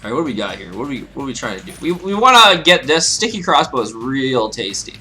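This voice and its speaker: Lively, excitable man commenting on gameplay. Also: medium pitch, fast, soft background music. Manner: rambling, joking, excitable. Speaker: let's play host.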